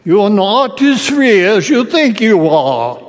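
A preacher doing a young Scandinavian man, a visiting medical student with a lilting Scandinavian accent. He talks high and bright, frank and matter-of-fact, and his voice rings out in a hall with a long reverb. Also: very animated, takes it slowly, full character voice. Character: young male Swedish medical student, blunt.

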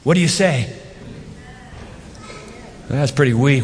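Male pastor preaching, kinda high voice, lots of repeating and questions, big echoey church. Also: measured pace, a little hiss or hum. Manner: animated, rhetorical questions, emphatic repetition. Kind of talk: sermon.

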